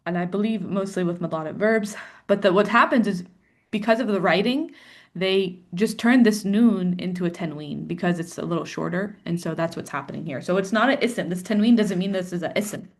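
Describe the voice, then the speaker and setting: A woman teaching an online Arabic grammar class, explaining patiently and encouraging her students with quick affirmations. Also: fairly low pitch. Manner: encouraging, explains patiently with frequent "yeah" and "good".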